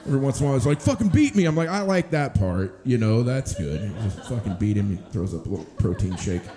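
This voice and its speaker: A man's voice: fairly low pitch, lively intonation, fast, crowd noise. A man doing a stand-up set on a comedy club stage, telling stories in a laid-back, rambling way.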